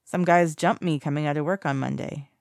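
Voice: medium pitch, steady tone, a little fast, gravelly, no echo, clean studio sound, natural voice. A reader voicing a guarded young man who speaks with cool, detached politeness. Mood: careful. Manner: evasive, coolly detached.

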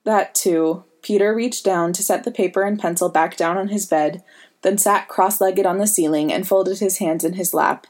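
A woman narrating a fan fiction story in a steady storytelling manner. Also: medium pitch, normal speed. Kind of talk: fan fiction audiobook reading.

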